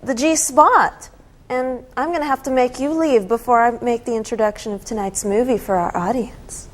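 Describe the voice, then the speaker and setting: A woman's voice: fairly high pitch, steady tone, normal speed, close to an everyday voice. A woman playing a sassy horror show hostess with a folksy manner in a campy comedy sketch.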